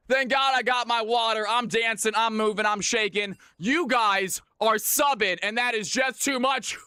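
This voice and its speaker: Hyped high-voiced streamer man. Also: normal speed, few pauses, clean tone, dry recording, clean studio sound. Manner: hyped, excitable, chatty with viewers. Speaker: streamer hosting viewer games. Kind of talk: live stream chat.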